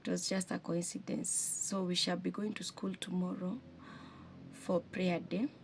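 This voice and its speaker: Heartfelt Kenyan woman with a gravelly voice. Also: fairly low pitch, flat delivery, slight background noise. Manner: chatty and heartfelt, often pauses and corrects herself. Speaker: vlogger, single and foster mom. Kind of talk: casual talk to camera.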